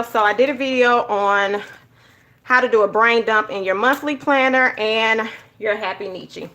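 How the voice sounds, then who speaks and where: A woman telling stories in a casual, animated way while she decorates her journal. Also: fairly high pitch, normal speed. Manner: animated storytelling, addresses viewers as y'all. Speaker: journaling YouTuber.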